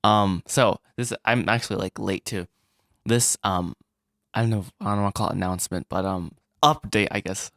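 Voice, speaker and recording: A man vlogging about making his animated film, rambling and self-deprecating, with frequent restarts and little laughs. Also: on the low side, normal speed, no room sound, studio quality. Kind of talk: casual solo vlog.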